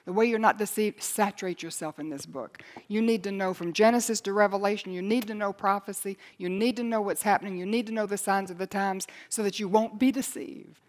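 A woman's voice: medium pitch, darkish tone. Earnest woman Bible teacher, urgent delivery. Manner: earnest, urgent preaching that swells in intensity.

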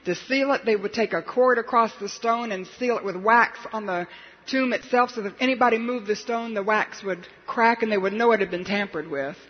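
A man's voice: high-pitched, a little fast. A male preacher telling stories in a sermon, dramatic and acting out the people he quotes. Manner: dramatic storyteller, acts out quotes. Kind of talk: sermon storytelling. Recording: dull lo-fi hall recording.

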